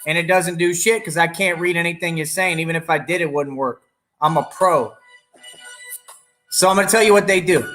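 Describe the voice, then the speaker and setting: A man's voice: fairly high pitch, brisk, a bit bright, echoey room, faint music behind. A man hosting an online radio show, ranting in a defiant, boastful and profane way at his critics. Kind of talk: ranting live-stream monologue.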